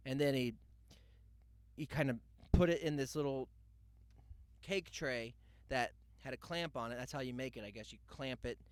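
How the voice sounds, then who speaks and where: A man's voice: medium pitch, moderate pace, smooth, dry recording. A young man hosting a podcast, telling a loose comic story full of asides and mock quotes. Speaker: podcast host. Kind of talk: rambling comedic monologue.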